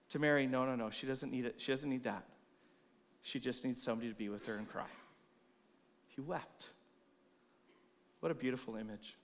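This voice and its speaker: A man preaching a sermon in a church, expressive, moving between loud emphasis and soft, hushed lines. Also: mid-range voice, normal speed, long pauses. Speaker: pastor.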